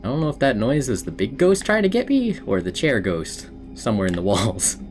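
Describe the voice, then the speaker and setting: Over music, an American man streams a horror game, rambling casually to himself and his viewers and laughing often. His voice is medium-pitched with huge pitch swings, and he speaks briskly.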